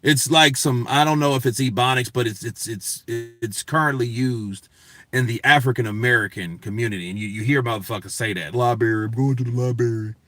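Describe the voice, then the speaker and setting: Bright-voiced man ranting on a show. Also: mid-range voice, fairly quick. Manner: profane, emphatic, talks to chat. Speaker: boxing news show host. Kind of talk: casual commentary rant.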